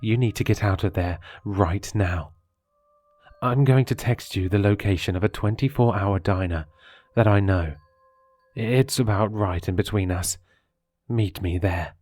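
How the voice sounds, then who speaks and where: A man's voice: lowish voice, a little slow, a little mellow, dry recording, faint music behind. A man voicing a worried, tearful middle-aged mother who speaks in an anxious, pleading way.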